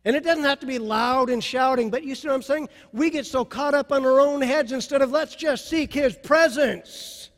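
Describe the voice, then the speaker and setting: A male pastor preaching a sermon with passion, dropping soft and then rising to loud. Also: very high-pitched, normal speed, few pauses, long reverb tail.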